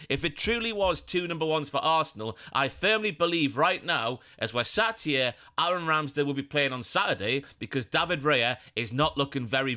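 A man hosting a football podcast on his own, talking casually and animatedly, with jokey bits. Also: medium pitch. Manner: animated, jokey, puts on silly voices for quotes. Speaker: podcast host. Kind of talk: solo football podcast chat.

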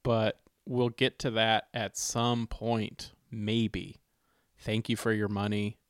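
A man's voice: fairly low pitch, level tone, slow, clean tone, dry recording. Rambling male podcast host, dry sound. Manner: rambling, filler-heavy, laughing. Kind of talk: casual comedic chat.

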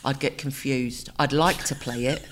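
A woman, co-hosting a podcast in casual chat, talking in quick asides and laughing easily. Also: extremely low pitch, fairly even intonation, slight background noise. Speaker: podcast co-host.

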